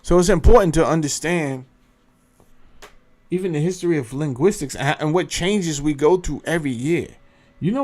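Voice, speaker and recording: A man hosts a casual commentary, his voice sitting a little high. He rambles and keeps breaking off his own sentences. He thinks out loud while he looks things up. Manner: rambling, self-interrupting, thinking aloud. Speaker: host.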